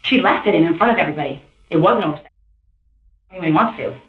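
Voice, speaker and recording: Fast-talking woman on a tinny interview tape. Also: lowish voice. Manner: halting, rambling, full of restarts. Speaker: witness in a police interview. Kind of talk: rambling recorded interview testimony. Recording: tinny, echoey interview room recording from far off.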